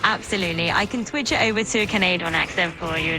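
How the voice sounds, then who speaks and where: A woman's voice: on the low side, fast, over music. A text-to-speech woman's voice as an AI assistant, cheerful and agreeable, sometimes slurring its words. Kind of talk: upbeat chatbot replies.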